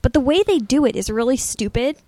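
A woman co-hosting a casual movie chat, rambling and animated as she retells the plot. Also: sits high, fairly quick, no echo. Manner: animated, rambling storyteller with many "like" fillers. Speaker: podcast co-host.

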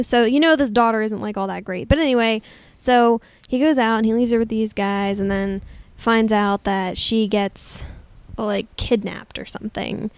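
A woman co-hosting a casual movie podcast, her voice sitting a little high. She rambles through plot details with many fillers. The sound is dry and close to the mic. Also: normal speed, vocal fry, smooth, no room sound. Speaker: podcast co-host. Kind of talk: casual chat.

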